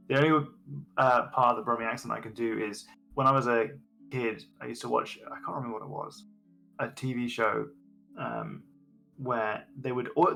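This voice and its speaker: On a live stream, a man acting as game master chats casually, rambling, correcting himself, and laughing often. His voice is medium-pitched, gravelly, and fairly bright.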